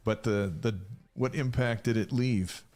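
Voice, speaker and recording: A man's voice: medium pitch, unhurried, darkish tone. A man co-hosting a sports talk show, prompting the guest with questions. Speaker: radio show co-host.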